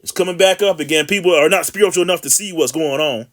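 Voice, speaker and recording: A man giving casual scripture commentary, rambling with restarts and blunt profanity, and reading verses slowly and emphatically. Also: fairly high pitch.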